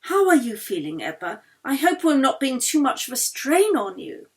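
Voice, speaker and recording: A woman's voice: high-pitched, sing-song, normal speed, voice pushed up. A woman voicing a tactful, caring woman who speaks in an effusive, tender way.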